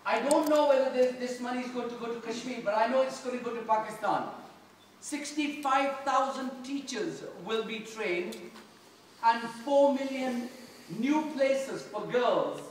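A British parliamentarian giving an earnest fundraising speech at a charity dinner, speaking in halting phrases. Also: male voice, very high voice, a little hiss or hum. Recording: echoey hall from far off.

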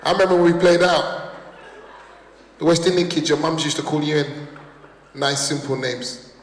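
Stand-up man, high voice, punchy crowd work, long hall echo and noise. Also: flat delivery, moderate pace. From London. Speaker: stand-up comedian. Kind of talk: stand-up comedy. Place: large town hall stage.

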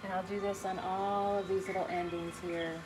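A middle-aged woman teaching a live online painting class in a gentle, chatty way, greeting viewers by name as she works. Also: fairly low pitch, little pitch movement, normal speed, over music, low-quality recording. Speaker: painting instructor.

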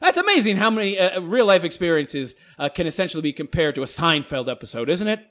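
A man reads viewer comments aloud on his own channel and answers them with scorn. His voice sits high and swings widely in pitch. He rambles and laughs as he goes. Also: sing-song, quick pace, a bit bright. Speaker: channel host responding to comments. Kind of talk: mocking commentary monologue.

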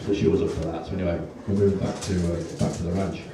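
A man with a British accent performing a stand-up comedy set, telling a long story in a deadpan way and pausing before his punchlines. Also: low voice, heavy background noise. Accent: British English. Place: comedy club stage with audience. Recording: roomy live club audio from a distance. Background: audience laughter.

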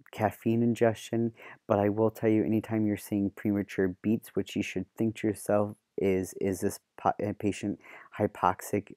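A man teaching nursing students in a relaxed, explanatory lecture, leaning on homespun analogies and occasional fillers. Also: fairly low pitch, no room sound, clean studio sound. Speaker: nursing and paramedic instructor. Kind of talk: classroom lecture.

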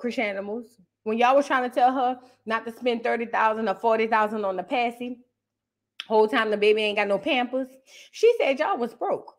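High-voiced brash woman host. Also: normal speed, sharp tone. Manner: brash, mocking and profane. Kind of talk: casual reaction commentary.

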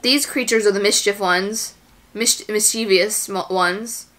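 A woman's voice: mid-range voice, steady tone, measured pace, background noise. A woman giving casual commentary as she reacts to a movie, exclaiming and gasping at the screen, anxious and near tears for the characters.

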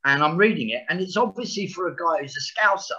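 A frank man in his sixties, talking with a tense, forceful edge in a slightly high voice. He speaks bluntly, swears freely and trips into restarts, and the audio sounds dull and lo-fi. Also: animated, quick pace, breathy edge. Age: 60s. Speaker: actor guest. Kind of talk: candid podcast interview.

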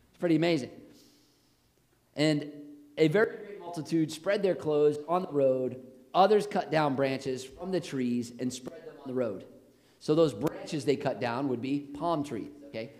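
A man with an American accent, a pastor preaching a lively, jokey sermon in a church on a handheld mic. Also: on the high side. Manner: animated, jokey, rising to shouts on quotes. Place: church sanctuary. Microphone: handheld microphone, later switched off.

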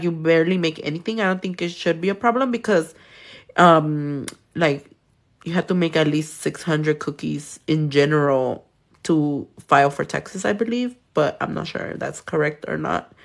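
Chatty, swearing woman streaming nails. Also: deep voice. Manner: chatty and swearing, answers viewer comments while working. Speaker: nail artist streaming live. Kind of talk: casual live-stream chat. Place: home nail studio.

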